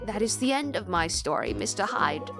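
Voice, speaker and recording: Woman voicing a gentle retired stage singer. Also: medium pitch, big pitch swings, normal speed, gravelly, over music, pitched below the performer's own voice. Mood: wistful.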